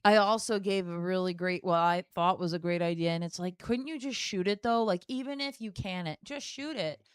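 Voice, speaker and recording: A woman co-hosts a casual podcast, frank and earnest, with fillers in her talk. Her voice is smooth and clear. The sound is dry and close. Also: on the low side, fairly quick, no echo. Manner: frank and earnest, frequent "like" and "you know". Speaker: podcast co-host.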